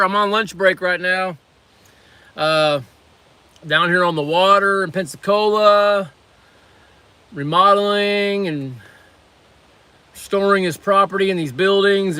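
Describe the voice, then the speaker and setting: On lunch break at a waterfront work site, a middle-aged man with a high, sharp-toned voice chats casually on a livestream. He rambles while reviewing snacks and reading viewer comments aloud.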